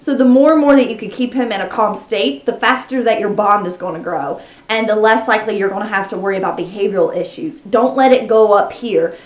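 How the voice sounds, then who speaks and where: A woman's voice: medium pitch, brisk. A woman vlogger explaining how to tame parrots in a casual, upbeat way, cooing at her birds between tips, recorded at home. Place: indoor room at home with pet birds. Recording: roomy, slightly dull home recording.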